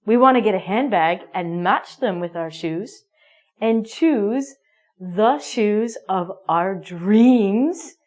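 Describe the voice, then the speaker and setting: A woman's voice: medium pitch, expressive, slow, a little mellow. A woman teaching an English grammar lesson, playful and emphatic, acting out little everyday scenes.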